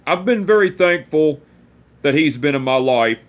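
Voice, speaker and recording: A man's voice: fairly high pitch, expressive, normal speed. A man, telling family stories to camera in a rambling, profane way with many restarts. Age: 20s. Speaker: vlogger. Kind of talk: casual storytelling to camera.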